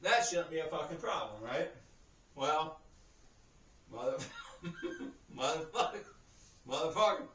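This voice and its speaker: A man's voice: on the high side, very animated, a little slow, pauses often, fairly bright tone, slight background noise. Rambling, profane man, roomy and distant. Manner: rambling, profane, laughs through the story. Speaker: vlogger. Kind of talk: casual storytelling. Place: indoor room. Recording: roomy echo, heard from a distance.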